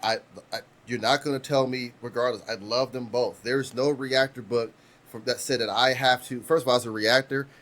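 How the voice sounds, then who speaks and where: A man's voice: medium pitch, fairly even intonation, normal speed, a bit bright. A man in his thirties, co-hosting a podcast, telling rambling stories with restarts and casual swearing. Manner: rambling storyteller, frequent restarts, swears freely. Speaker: podcast co-host.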